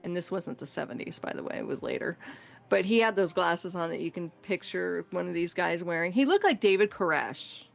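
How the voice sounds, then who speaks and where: A woman casually telling a true scary story on a podcast, animated and acting out the voices in it. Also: lowish voice, a little fast, creaky. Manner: animated, acts out voices in her stories, laughs often. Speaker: guest storyteller.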